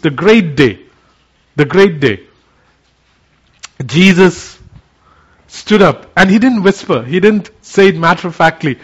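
A man preaching a sermon, moving from quiet reflection into fervent declaration. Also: sits high.

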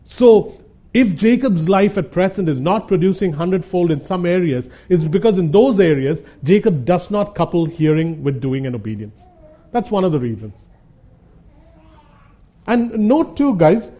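In a conversational sermon, a Bible teacher speaks with earnest conviction, repeats himself for emphasis and addresses the crowd as "guys." He has a high-pitched, animated voice with a dark tone and normal speed, captured on a dull, lo-fi recording.

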